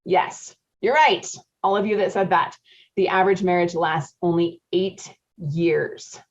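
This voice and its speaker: A woman's voice: fairly low pitch, fairly even intonation, a little slow. A woman in her forties, a marriage coach hosting a live webinar, chatty, laughing often and quizzing her audience. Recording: dull lo-fi audio.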